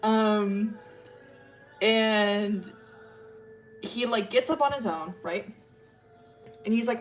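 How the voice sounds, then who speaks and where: A woman's voice: mid-range voice, drawn-out words, pauses often, soft background music. A young woman streamer telling a story in a casual, rambling way, giggling often and full of fillers.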